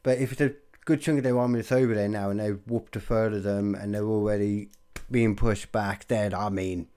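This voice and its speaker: A young man from the UK rambling in casual solo chat, self-mocking and sweary, swinging between loud bursts and mumbles. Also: fairly low pitch, fairly even intonation, brisk, clear, resonant tone. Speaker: podcaster and stand-up comic.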